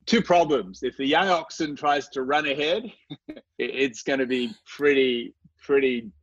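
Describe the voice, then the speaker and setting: As a guest in an interview, a man recounts his personal journey of faith in an unhurried, medium-pitched voice. Earnest and reflective, he frequently starts over and repeats words, in a dry, somewhat dull recording without echo.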